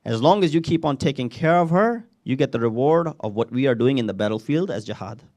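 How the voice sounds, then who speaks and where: A man giving a sermon, mixing English with recited Arabic verses and acting out quoted dialogue with sharp rises on questions. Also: medium pitch, lively intonation, a little fast, no room sound. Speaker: speaker at a Muharram majlis.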